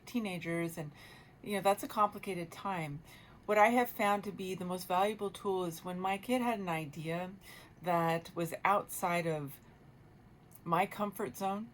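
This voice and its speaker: A lower-pitched woman talks through parenting advice on a radio show, earnest and reflective, pausing and restarting as she thinks. Recorded in a radio studio with a faint hiss underneath.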